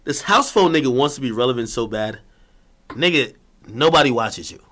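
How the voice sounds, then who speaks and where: A man ranting in a solo monologue, mocking and boastful, going from loud taunts to low muttered asides. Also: animated, moderate pace. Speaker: streamer.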